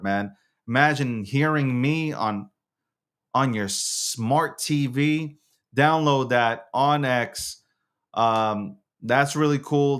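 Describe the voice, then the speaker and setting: A man hosting his own casual livestream show, rambling and profane, quick to get worked up. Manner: rants loudly with sharp pitch jumps. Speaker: host.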